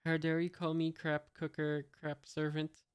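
A man reading as a brash male cook, slow and plain. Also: a little high, clean tone, no echo, studio quality, close to an everyday voice. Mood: indignant. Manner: flat plain reading of dialogue.

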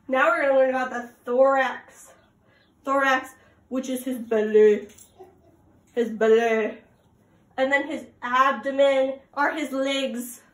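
Reading aloud to a circle of preschoolers, a young woman uses a high, fairly bright voice. She goes slowly in a sing-song rhythm, gasping theatrically and quizzing the children. The recording sounds echoey.

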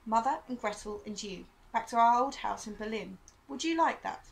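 A woman reading the part of a stern, weary father, speaking in a measured, grave way. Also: a little high, lively intonation, gravelly, low-quality recording.

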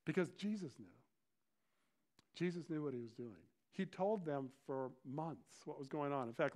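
A middle-aged male pastor preaching a sermon in an animated way, often acting out the voices of crowds and disciples. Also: a little high.

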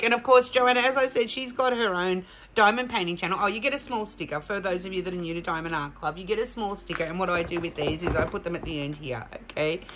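A woman's voice: medium pitch, noisy background. A woman chatting through a craft kit unboxing, gushing and emotional. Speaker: crafting vlogger. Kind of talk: casual unboxing chat.

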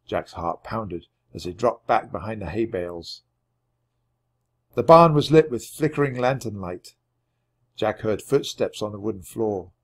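A man reading a children's chapter book aloud with expressive, dramatic storytelling. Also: lowish voice, unhurried, husky. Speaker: audiobook reader. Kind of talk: children's audiobook narration.

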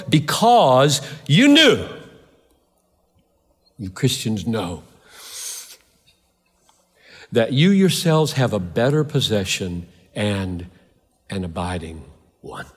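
An older man preaching a sermon in a large church, emphatic and repeating phrases for stress. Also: medium pitch. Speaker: pastor. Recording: reverberant church hall.

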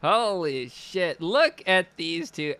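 Bright-voiced young man, profane and sardonic. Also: sits high, big pitch swings, slow, clear, resonant tone, dry recording. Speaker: streamer. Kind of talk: casual stream commentary.

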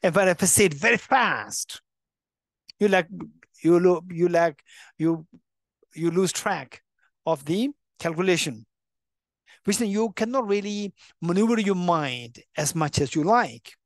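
A man's voice: high-pitched, expressive, a little slow, pauses often, no room sound. Emphatic man teaching Buddhist philosophy. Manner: emphatic, repeats and restarts words. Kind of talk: dharma teaching. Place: teaching center room.

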